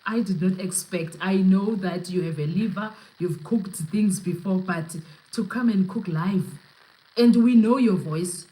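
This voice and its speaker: A young South African woman with a lowish, warm voice, speaking a little slowly, hosts a live podcast, chatting casually and animatedly, laughing often and switching between English and Zulu. It's casual live-stream commentary captured on a low-quality recording.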